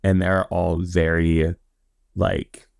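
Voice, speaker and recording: A man's voice: sits low, level tone, slow pace, vocal fry, a little mellow. A man in his twenties from Indiana, a podcast guest telling stories in a chatty, rambling way with lots of fillers. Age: 20s. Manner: chatty, rambling with many fillers and quoted asides. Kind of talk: casual interview storytelling.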